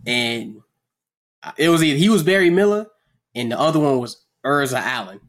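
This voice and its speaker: Animated young man on a podcast. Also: mid-range voice, moderate pace. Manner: animated, profane, acts out characters with laughs. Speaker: podcast host. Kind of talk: casual podcast chat.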